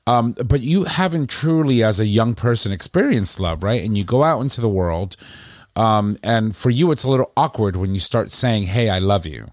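Low-voiced man musing in casual chat. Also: lively intonation, moderate pace, dry recording, studio quality. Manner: reflective, conversational. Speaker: podcast co-host.

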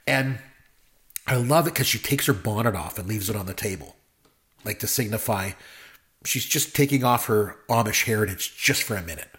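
A man's voice: fairly low pitch, normal speed, fairly bright tone. Chatty man gushing about a film. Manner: enthusiastic, rambling with many fillers. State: married. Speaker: podcast co-host. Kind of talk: casual movie discussion.

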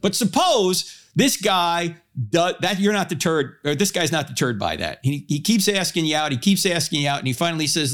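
A man with a fairly high voice delivers a lively public talk on theology. He swings his pace and pitch for emphasis and mixes in humorous storytelling. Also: moderate pace, few pauses. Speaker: Christian apologist speaker.

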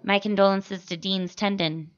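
A woman's voice: mid-range voice, steady tone, moderate pace. A young woman co-hosting a comedy podcast, rambling through stories in casual chat and swearing freely. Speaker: podcast co-host. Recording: dull lo-fi podcast audio.

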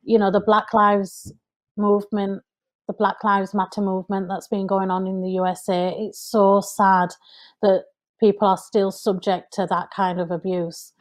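An earnest woman with an English accent recounts her story as a podcast guest. Her voice sits at a middle pitch, and she grows animated whenever she quotes someone. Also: normal speed. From United Kingdom. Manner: earnest, animated when quoting people. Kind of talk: conversational storytelling.

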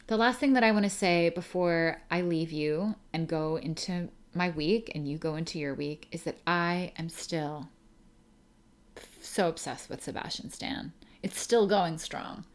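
A woman's voice: on the low side, a little slow, hardly any pauses, clean tone. A young adult woman hosting a podcast, reading a listener email aloud and chatting in a rambling, emotional way, laughing through tears. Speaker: podcast host.

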